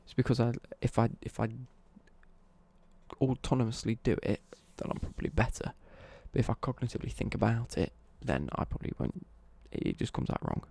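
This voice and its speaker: A man's voice: medium pitch, animated, brisk, creaky, a little mellow, breathy edge. A young man, chatting casually on a live stream, rambling, correcting himself and swearing lightly as he answers viewer questions. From East Midlands, England.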